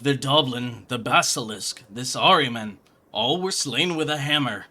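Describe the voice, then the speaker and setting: A man voicing a pompous, grandiose male inspector from a game, loud and theatrical. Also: a little slow. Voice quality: high, booming, theatrical. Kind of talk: reading game dialogue aloud in voices.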